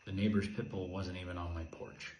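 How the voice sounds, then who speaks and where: A man telling a personal story in an intense, repetitive way, moving from urgent emphasis to a hushed voice. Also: low-pitched, little pitch movement, fairly quick. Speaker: video host. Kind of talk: emotional personal monologue. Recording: echoey room with faint ambient noise.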